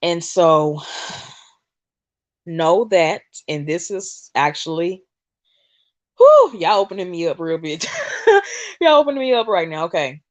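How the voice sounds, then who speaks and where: A woman's voice: fairly low pitch, expressive, unhurried, long pauses, no room sound. A woman hosting a spiritual livestream. She sounds emotional and speaks in emphatic, repetitive phrases in a channeling style.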